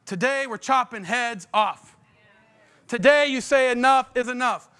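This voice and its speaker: A man's voice: very high-pitched, measured pace, pushed and bright, clean tone. A middle-aged male pastor preaching a sermon in a fiery, emphatic way, blunt and folksy, throwing out rhetorical questions to the congregation.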